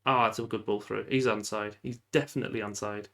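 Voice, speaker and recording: Excitable man commentating a game. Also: on the low side, fast, vocal fry. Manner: animated, shouts at the referee, laughs. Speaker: gaming YouTuber.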